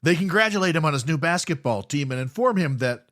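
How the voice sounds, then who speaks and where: A man's voice: a little high, expressive, fast, fairly bright tone. Wry man recapping a film plot. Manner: wry, dry jokes while summarizing. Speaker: podcast co-host. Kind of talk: plot recap and casual chat.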